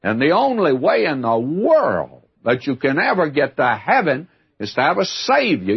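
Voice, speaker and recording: A man's voice: fairly high pitch, wildly swooping pitch, moderate pace, gravelly, husky. An older man teaching the Bible in a folksy, emphatic way, calling the listener "my friend". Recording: dull lo-fi archival recording.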